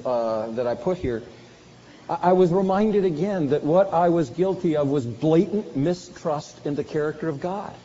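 Dramatic preacher in a reverberant hall. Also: male voice, fairly high pitch, a little hiss or hum. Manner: dramatic, acting out quoted lines with sudden loud bursts. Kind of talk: sermon. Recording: dull sound with long hall reverb.

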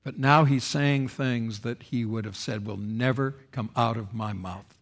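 A man preaching a sermon, swinging between loud dramatic quotes and quiet, solemn passages. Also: mid-range voice, unhurried. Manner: expressive preaching, rising loud for quoted speech and dropping soft for solemn lines. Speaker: pastor.

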